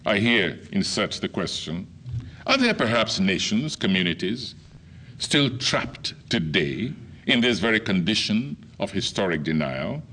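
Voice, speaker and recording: Oratorical Nigerian-born man, low bright voice. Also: a little hiss or hum. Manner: measured, oratorical delivery with wide swings in emphasis. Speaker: lecturer. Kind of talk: formal lecture.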